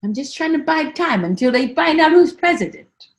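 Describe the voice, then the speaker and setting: A woman comedian plays a high-voiced, scatterbrained woman politician, rambling through a satirical spoof monologue at a moderate pace. Her voice swoops up and down as she repeats herself with deadpan asides, sinking into hushed mutters before sudden loud outbursts.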